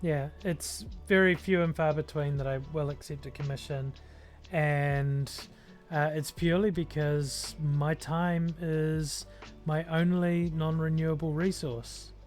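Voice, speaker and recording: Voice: mid-range voice, steady tone, a little slow, darkish tone, soft background music. A streamer with a New Zealand accent, chatting casually and thinking aloud with lots of ums while painting miniatures. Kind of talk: casual livestream chat while working.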